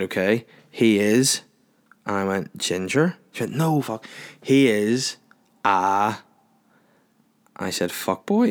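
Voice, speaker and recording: Sweary lower-voiced man telling stories. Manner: sweary, jokey, acts out both sides of dialogue. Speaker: podcast host, comedian. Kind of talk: casual storytelling monologue.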